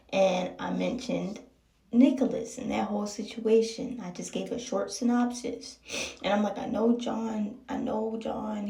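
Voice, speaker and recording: A young woman from Baltimore telling a personal story in a candid, emotional way, with slow pauses and soft whispered stretches. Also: medium pitch, gravelly. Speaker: vlogger. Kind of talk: casual storytime monologue. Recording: roomy echo from a distance.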